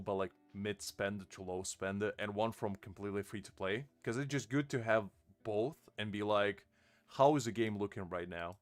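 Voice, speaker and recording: A man chatting casually on a live game stream, rambling and laughing at himself. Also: lowish voice. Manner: rambling, self-mocking, laughs often.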